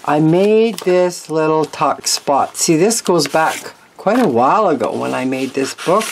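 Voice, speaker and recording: Low-voiced, unhurried woman crafter. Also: a little hiss or hum. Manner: chatty, meandering, frank asides. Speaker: craft channel host. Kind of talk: casual craft show-and-tell.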